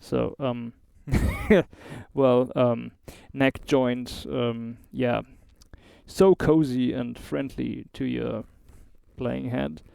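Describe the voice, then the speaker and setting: A man's voice: medium pitch, fairly even intonation, drawn-out words, gravelly, dark tone, clear, resonant tone, dry recording. A man with a German accent hosting a casual guitar review, chatty and informal with small asides. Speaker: host of a guitar review show.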